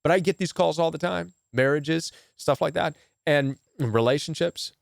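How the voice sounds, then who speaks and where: A man's voice: a little high, normal speed, gravelly, no echo, clean studio sound. A man speaking as a relationship coach in emphatic commentary to camera, often asking rhetorical questions. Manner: emphatic, repetitive, asks rhetorical "right?".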